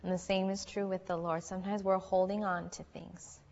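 A woman speaks earnestly to young people in a sermon, weaving in stories in a chatty way. Her voice sits at a middle pitch. The sound is dull and muffled, carried by the long reverb of a large hall. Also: level tone, moderate pace, vocal fry, a little mellow. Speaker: youth speaker.

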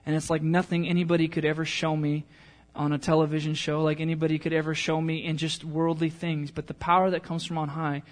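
A pastor preaching a sermon, mixing a casual, joking story with a softer, earnest appeal to the congregation. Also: male voice, a little high, monotone, fairly quick, few pauses.

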